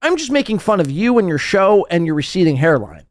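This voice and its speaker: A man's voice: sits high, very animated, brisk, no room sound. A man hosting a live podcast, reacting to clips with sarcastic, profane mockery. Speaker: podcast host.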